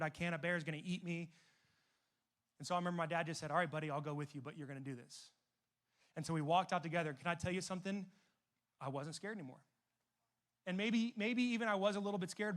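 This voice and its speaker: A young man preaching a sermon as a youth pastor, telling stories and moving between emphatic and hushed delivery. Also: a little high. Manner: storytelling, shifts between loud emphatic and soft hushed.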